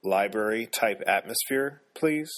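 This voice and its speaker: A man voicing a prim female supervisor who firmly asks for quiet. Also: lowish voice, expressive, a little slow. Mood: stern. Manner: prim, firm. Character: stern female office supervisor.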